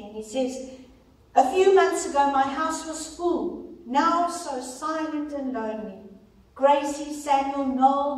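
A woman leading a ladies' Bible study, reading scripture and telling stories in an earnest, expressive way. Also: high voice. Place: large church hall. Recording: very echoey hall, far mic.

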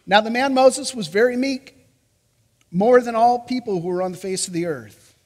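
A man with a high voice preaches a sermon, reading scripture with lively emphasis and slipping into casual asides. His voice carries a long reverb, as in a church sanctuary. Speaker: pastor.

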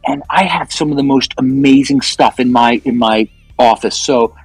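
A man with a husky, slightly breathy voice talks as a podcast guest, spinning chatty, animated stories with the odd curse word. The sound is dry and close, with faint music underneath. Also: mid-range voice, normal speed, no echo, rough recording. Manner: animated, chatty storyteller, loose and profane. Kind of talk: casual interview chat.

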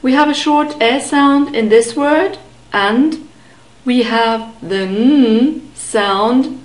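A woman with a fairly high voice teaches pronunciation at a very slow, deliberate pace. She says each word again and again with patient care, and her voice rings in a roomy echo. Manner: patient, repeats words slowly and clearly. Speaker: German language teacher. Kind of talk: slow, careful pronunciation lesson.

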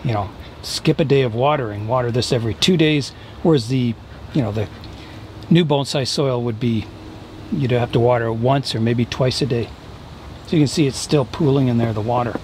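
A man casually explaining his bonsai work as he goes, relaxed and thinking aloud with a few fillers. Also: mid-range voice, moderate pace, slight background noise. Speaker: bonsai hobbyist vlogger. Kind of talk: casual how-to narration.

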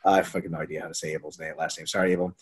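A man co-hosting a fitness webinar in casual chat, animated and profane, acting out quoted people as he tells stories. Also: a bass voice, very fast, slightly rough. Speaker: webinar co-host.

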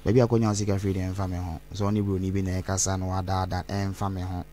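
A man's voice: sits low, little pitch movement, very fast, mellow, a little hiss or hum. A man, rambling as an interview guest and mixing Twi phrases into his English. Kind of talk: candid interview talk.

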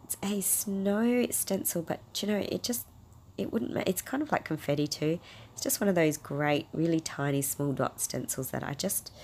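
A woman hosting a casual crafting tutorial, her voice hoarse and raspy from a cold as she chats and gushes over colours. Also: deep voice, moderate pace, slight background noise. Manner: chatty, gushing over colours. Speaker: craft video host.

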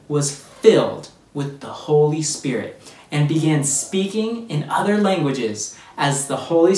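An upbeat children's church teacher walks kids through a Bible story and chats with them directly. The voice sits at a middling pitch and sounds a little distant from the mic. It carries a roomy echo. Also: darkish tone. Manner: upbeat, speaks straight to children. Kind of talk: kids' Bible lesson. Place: church room.

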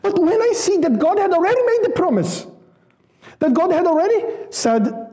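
A man's voice: very high-pitched, normal speed. A man from Brazil, preaching a sermon emphatically and repeating words for stress. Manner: lively with rising questions. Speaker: pastor. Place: church.

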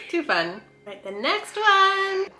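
A woman's voice: extremely high pitch, huge pitch swings, very slow, pushed and bright. A woman hosting a casual reaction video, gushing and gasping with delight at each clip. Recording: echoey room with faint music.

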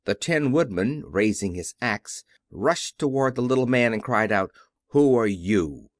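Brief: expressive male storybook narrator, dry studio read. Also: mid-range voice, moderate pace, dry recording. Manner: expressive, animated reading. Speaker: audiobook narrator.

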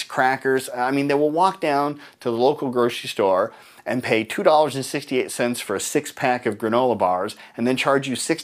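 A man leads a live seminar in the middle of his range, talking fast and with energy. He tells his stories with humor and acts out what other people said, his voice jumping up when he plays them. He sounds like a trainer speaking to a room full of people. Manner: animated storyteller acting out dialogue in higher voices.

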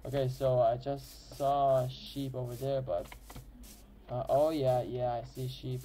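A man's voice: medium pitch, fairly even intonation, measured pace, dark tone, a little hiss or hum, low-quality recording. A man giving casual, rambling game commentary as host, often correcting himself mid-sentence. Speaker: gameplay host.

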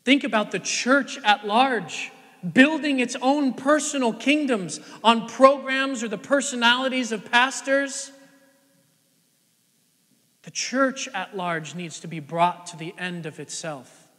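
Male pastor, sermon, high voice, animated and conversational, echoing church hall. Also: takes it slowly. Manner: swings between loud emphatic lines and hushed, near-whispered ones; animated, conversational preaching with rhetorical questions. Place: church sanctuary. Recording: long church-hall reverb.

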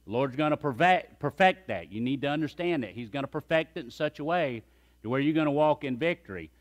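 A man's voice: fairly high pitch, lively intonation, fairly quick. A man preaching a sermon as pastor, emphatic and calling on the congregation to repeat phrases after him.

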